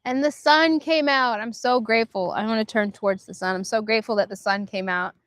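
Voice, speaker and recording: Soft-spoken woman musing outdoors. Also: fairly high pitch, dry recording, clean studio sound. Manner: meandering, soft and reflective, guides slow breathing. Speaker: livestream host. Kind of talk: casual spiritual livestream chat. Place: outdoors near a park.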